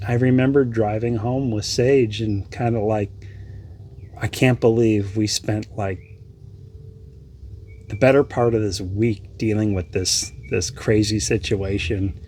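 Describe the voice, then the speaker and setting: A man vlogging, telling a personal story in a reflective, halting way with restarts. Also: fairly low pitch, steady tone, a little mellow, slight background noise. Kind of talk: casual storytelling.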